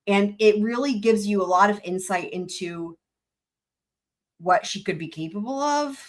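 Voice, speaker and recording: A woman's voice: mid-range voice, a little slow. A woman hosting a live stream, reacting to a court clip in blunt, rambling casual commentary full of fillers. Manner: blunt, rambling, uses many fillers and swears.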